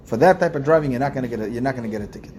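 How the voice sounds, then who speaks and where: A man's voice: mid-range voice, animated, very fast, a little mellow, slight background noise. A man, a rabbi, giving an informal religious lesson in a conversational way, repeating phrases and asking his listeners questions. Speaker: rabbi teaching a class.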